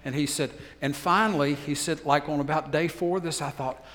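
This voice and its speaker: An older man, a pastor, preaching a sermon with a folksy story and then leading a slow, earnest prayer. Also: fairly high pitch, fairly even intonation, fairly bright tone, in a large hall.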